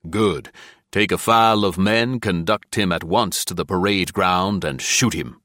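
Brief: a man doing a stern general, deep and slow, flat dry sound, clipped commands. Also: dry recording. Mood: cold command. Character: cold, impassive male Confederate general. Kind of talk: audiobook character reading.

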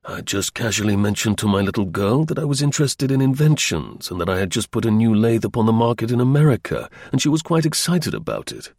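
A man doing a smug, husky spy. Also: lowish voice, sing-song, fast talker, hardly any pauses, darkish tone, no echo, clean studio sound. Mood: smug confiding. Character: suave, confident male German spy, smug and easy.

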